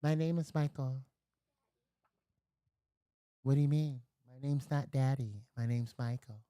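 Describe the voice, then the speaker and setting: A man putting on a silly impression of a famous male pop star, rambling nonsense in a soft, breathy high voice. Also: steady tone, measured pace, close to an everyday voice. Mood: goofy. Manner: rambling nonsense, sing-song.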